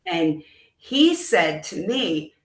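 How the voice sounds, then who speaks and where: Woman, middle-aged, musician, animated storytelling, mid pitch, echoey room. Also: extremely slow. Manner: animated storyteller who acts out quoted dialogue. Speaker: band member and musician. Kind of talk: storytelling interview answer.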